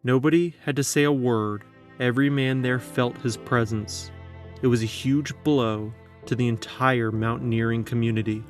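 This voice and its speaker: A man giving scripted documentary narration in a measured, dramatic storytelling manner. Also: mid-range voice, fairly even intonation. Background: faint background music.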